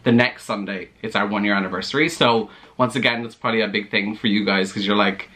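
A young man with an Irish accent chatting casually to camera as a vlogger, animated and quick to laugh. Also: fairly low pitch.

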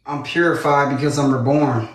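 A man's voice: medium pitch, steady tone, normal speed. A man on a casual livestream who insists on explaining himself and raises his voice. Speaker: livestream guest. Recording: echoey room.

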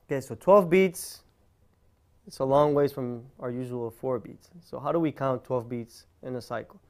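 A man's voice: mid-range voice, moderate pace, darkish tone. A man giving a guitar lesson, explaining step by step and counting beats aloud over his own guitar playing. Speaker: guitar teacher.

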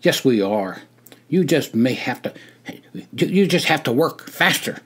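A man voicing an eager, kind young male army trainee who speaks softly. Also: mid-range voice, animated, unhurried, husky, voice pushed up. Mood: earnest. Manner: kind, soft-spoken.

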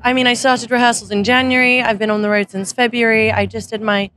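A woman from London with a British accent, a relaxed guest who laughs easily and keeps her answers vague in a casual radio interview backstage. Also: fairly high pitch, quick pace, dry recording. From London, England. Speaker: celebrity guest.

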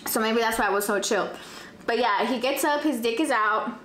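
A young woman, telling a dramatic storytime in casual chat, profane and animated, dropping in Spanish phrases. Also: on the high side, normal speed, slight background noise. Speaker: vlogger. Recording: echoey room, faint ambience.

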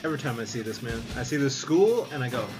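A man's voice: mid-range voice, lively intonation, fast, music in the background. Chatty man reacting to a cartoon. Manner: chatty, laughs along with the clips. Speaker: reaction video host. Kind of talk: casual reaction commentary. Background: cartoon episode audio playing.

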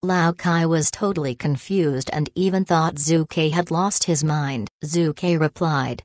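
A woman narrating an audiobook in an even, unhurried reading voice. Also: low-pitched, dry recording. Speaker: audiobook reader. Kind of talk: scripted narration.

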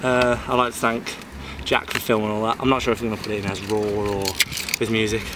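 A man's voice: on the low side, little pitch movement, fast talker. A young man from England vlogging casually at a skatepark, chatty and offhand. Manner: chatty, offhand, mumbled fillers. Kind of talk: casual vlog narration. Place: outdoors at a skatepark. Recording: loud outdoor noise, distant mic.

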